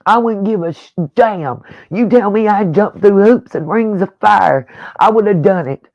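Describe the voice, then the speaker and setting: A woman's voice: mid-range voice, a little slow, darkish tone, no room sound, poor audio. A woman true-crime YouTuber delivering a blunt, profane, combative rant, full of pointed rhetorical questions. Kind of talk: angry on-camera rant.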